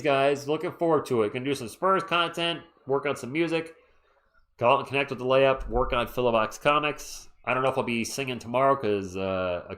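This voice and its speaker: A man's voice: mid-range voice, pushed and bright. Sleepy man calling a game live. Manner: tired, laid-back, yawning, chatty asides to viewers. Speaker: live play-by-play streamer. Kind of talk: casual live sports commentary with chat shout-outs.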